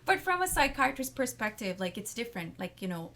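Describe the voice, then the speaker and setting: A woman's voice: a little high, big pitch swings, a little fast, a loud crowd. A woman on a podcast as a guest, talking at length about herself in a rambling, self-assured way, full of "like" fillers. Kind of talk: casual chat.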